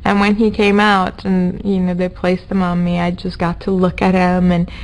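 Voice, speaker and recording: A woman's voice: on the low side, completely flat delivery, normal speed, poor audio. A woman recalling meeting her baby, moved and tearing up as she speaks. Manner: emotional, tearing up. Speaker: interviewee, parent.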